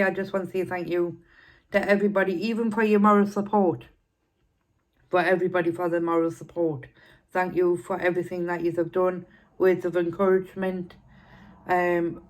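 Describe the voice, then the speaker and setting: Casting: middle-aged woman, slightly low voice, relaxed chat between mouthfuls. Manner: chatty, eating between sentences. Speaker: mukbang vlogger. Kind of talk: casual chat while eating.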